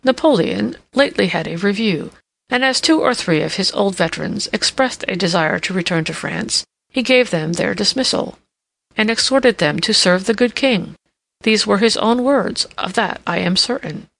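A woman's voice: mid-range voice, expressive, moderate pace, gravelly, a bit bright, no room sound. A woman voicing a grave police minister. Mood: earnest. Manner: earnest, reporting in formal tones. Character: grave middle-aged male police minister, confident, official.

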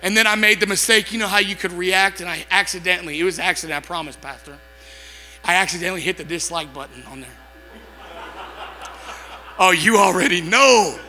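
A man with a strikingly high, very bright and piercing voice preaches through a story, animated and theatrical, bursting into shouts. His voice rings out in a long-reverb hall with faint music behind. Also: quick pace, a little hiss or hum. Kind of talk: storytelling sermon.

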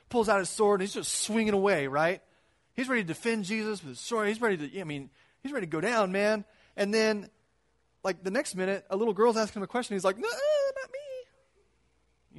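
A man giving a casual, conversational sermon, animated and acting out quotes in his retelling. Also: high-pitched.

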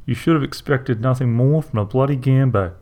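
A man's voice: medium pitch, a little fast, mellow, natural voice. A hesitant pub landlord reads letters aloud, as a man reading a story puts him on. He sounds puzzled and careful. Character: hesitant middle-aged male publican.

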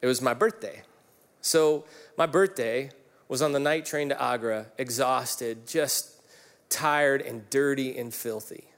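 A man's voice: mid-range voice, unhurried, fairly bright tone. A pastor in his forties preaching a sermon, telling personal stories in an emotional, candid way with many fillers and restarts. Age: 40s.

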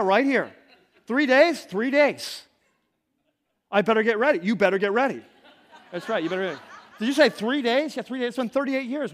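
A man acting out an excited ancient Israelite man who trades quick, disbelieving questions and answers about heading into battle. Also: extremely high pitch, voice pushed up. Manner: rapid back-and-forth dialogue, voice raised.

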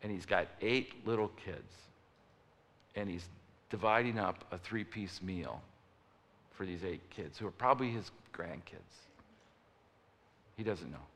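This pastor's voice is low and a bit bright, and he preaches unhurriedly with long pauses. He tells stories in his sermon, acting out the voices of the people involved, and the recording has a large hall's long reverb.

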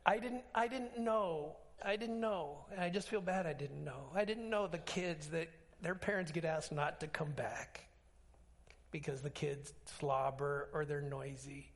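Gravelly-voiced man preaching with animated swings. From Alaska. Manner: storytelling with quoted dialogue, emphatic swings in pitch. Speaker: pastor. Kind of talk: sermon.

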